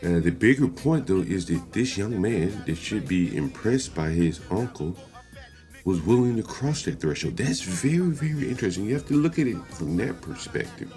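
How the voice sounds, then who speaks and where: A man hosting commentary on a clip, speaking in a measured, analytical way and chuckling between points. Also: fairly low pitch, animated, a little mellow, soft background music. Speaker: commentary host.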